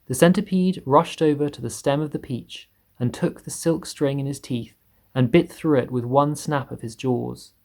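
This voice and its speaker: A man reading a children's book aloud in steady storytelling, voicing the characters higher. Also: normal speed, vocal fry. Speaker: reader.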